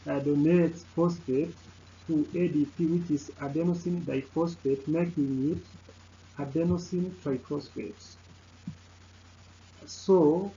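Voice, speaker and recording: Male lecturer, slow and halting with many fillers, mellow tone, dull lo-fi recording. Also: a little high, creaky. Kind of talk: slide lecture narration. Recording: dull lo-fi sound with faint noise.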